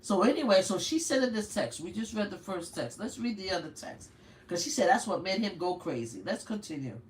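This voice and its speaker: An older woman from Brooklyn, speaking with a New York accent, hosts a casual livestream. She talks in a loud, exclamatory way, reads messages aloud and reacts with blunt cursing. Her voice sits at a middle pitch. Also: lively intonation, brisk, slight background noise. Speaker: livestream host.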